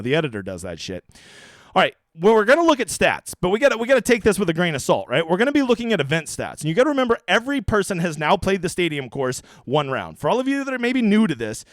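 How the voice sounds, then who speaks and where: A man talks through fantasy golf picks and contest choices in a loose, profane, casual way, full of quick asides. His voice sits a little high and he talks very fast. The sound is dry and close, with no room around it. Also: fairly bright tone, no echo. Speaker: fantasy golf strategy host. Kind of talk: casual screen-share breakdown.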